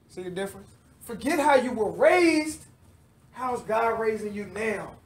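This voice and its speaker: A man's voice: sits high, far from the mic. A man teaching the Bible to a live group in a fervent sermon, repeating lines and drawing the listeners into call-and-response.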